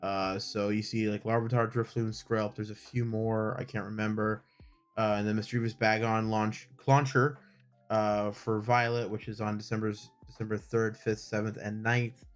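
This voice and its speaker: A man's voice: fairly low pitch, little pitch movement, moderate pace, soft background music. A man co-hosting a casual game news chat in an upbeat way, reading through lists of events. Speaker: co-host.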